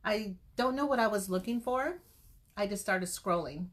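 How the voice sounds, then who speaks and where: A middle-aged woman giving an earnest, motivational pep talk to her sales team, telling her story in a lively way and acting out what people said. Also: mid-range voice, moderate pace. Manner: earnest, faith-driven encouragement. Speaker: direct-sales team leader.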